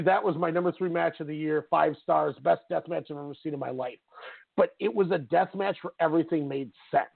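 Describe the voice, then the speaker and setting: A man with a gravelly, fairly high voice talks excitedly about a wrestling match on a casual podcast. He tells it as a story and acts out what people said. The sound is dry and thin, like a phone line. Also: no room sound. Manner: enthusiastic, animated storytelling with acted-out quotes. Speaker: podcast co-host. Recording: tinny phone-like audio, dry.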